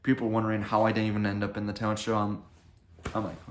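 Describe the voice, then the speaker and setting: A young man telling a rambling, excitable story about his own life in a casual vlog. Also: lowish voice, fast, a little hiss or hum. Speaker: comedy video creator. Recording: echoey room.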